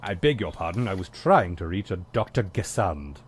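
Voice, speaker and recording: A prim butler delivers deadpan lines in a formal manner in a comedy game. His voice sits fairly low but moves widely in pitch. Faint noise sits behind it. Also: normal speed. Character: prim, dry-witted English male butler.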